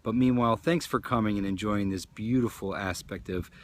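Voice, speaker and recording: A man's voice: on the low side, fairly quick, a little hiss or hum. A man hosting a casual live stream outdoors at sunset, effusive and upbeat, thanking viewers by name. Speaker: livestream host. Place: outdoors at a nature preserve at sunset.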